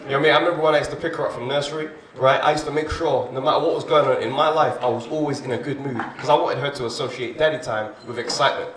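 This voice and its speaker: A young man doing a stand-up comedy set, chatty and animated, often asking "you know what I mean?". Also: medium pitch, rapid-fire, hardly any pauses. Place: comedy club stage. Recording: echoey club, far from the mic, loud noise and crowd.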